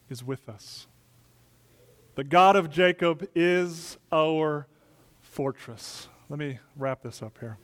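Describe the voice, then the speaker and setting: Male pastor, middle-aged, slightly high voice, emphatic sermon delivery with loud peaks and soft drops.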